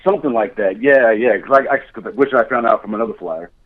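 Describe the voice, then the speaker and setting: A man's voice: lowish voice, quick pace. A man guest chatting candidly on a podcast, telling stories with frequent laughs. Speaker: guest, motion capture director. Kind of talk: casual podcast chat. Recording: tinny phone-like line.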